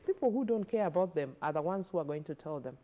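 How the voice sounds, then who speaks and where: A woman's voice: deep voice, lively intonation, fast talker, dark tone, muffled recording. A woman, a guest expert on a studio television interview, explaining earnestly and often repeating words as she advises parents.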